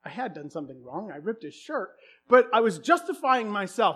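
A man's voice: high-pitched, very animated, normal speed, fairly bright tone, slightly rough. A man preaching a sermon through a self-deprecating personal story, casual and full of fillers.

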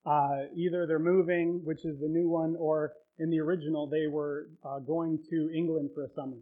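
A male pastor preaching a sermon, retelling a story with emotion and building to loud, heartfelt peaks. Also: on the high side, level tone, normal speed, narrow, tinny audio.

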